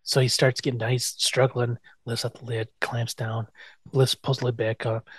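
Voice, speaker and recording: Man, podcast co-host, animated storyteller, casual and profane, dry close sound. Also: mid-range voice, normal speed, slightly rough, no echo. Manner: animated storyteller, acts out quotes, swears freely. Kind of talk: casual chat recapping an episode.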